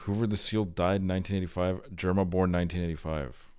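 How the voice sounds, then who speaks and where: A man with a very low voice reads short items aloud on a live stream. He breaks in with blunt, profane, offhand reactions. The sound is close and dry. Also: fairly even intonation, quick pace, a little mellow, smooth, no echo.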